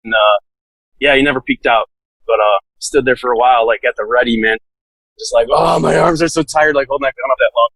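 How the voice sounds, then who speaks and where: A man's voice: medium pitch, steady tone, fast talker, fairly bright tone, dry recording, rough recording. A man telling a story in a casual, laid-back way, full of "like" fillers and laughing now and then. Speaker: podcast guest, SWAT officer.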